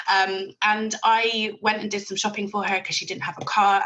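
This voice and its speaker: Podcast guest: bright, forceful woman, blunt and chatty. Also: medium pitch, low-quality recording. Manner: chatty and blunt, sprinkles in mild swearing and laughs. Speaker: podcast guest, virtual assistant business owner. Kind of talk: casual podcast chat.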